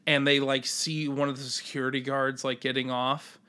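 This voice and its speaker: A man's voice: medium pitch, level tone, normal speed, bright, forceful tone, smooth. A man co-hosting a podcast, talking casually and rambling through ideas with lots of restarts. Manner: rambling with many fillers and restarts, acting out scenes. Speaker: podcast co-host. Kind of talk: casual chat.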